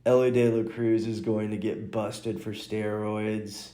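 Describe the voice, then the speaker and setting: A podcast host and stand-up comic rambles through stories alone on a casual show, chuckling and restarting sentences. His voice is lowish, level and mellow, a little slow, with a roomy echo around it.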